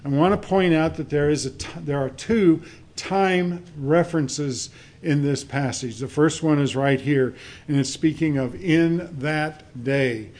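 Man preaching, slightly high voice. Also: darkish tone. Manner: measured preaching with frequent fillers, reading scripture aloud. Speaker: pastor. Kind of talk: sermon.

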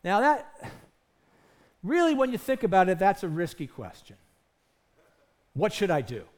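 A male pastor preaches a sermon a little slowly, his fairly high voice swooping wildly up and down. He speaks earnestly, stresses key points hard, and keeps putting rhetorical questions to the congregation.

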